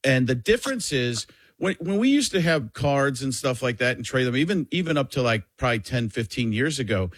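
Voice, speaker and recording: A man from Wisconsin, guesting on a radio show as a comedian, who tells stories with animation and often restarts mid-sentence. He talks at a middle pitch into a studio mic, and the sound is dry and close. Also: brisk, no echo. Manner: animated storytelling, self-interrupting. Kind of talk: casual radio interview chat.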